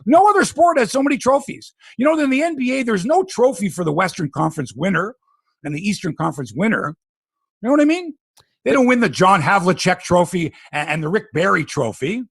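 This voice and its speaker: Gravelly, animated male sports host. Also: sits high, brisk, no echo. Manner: animated, ranting, profane. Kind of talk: casual sports talk.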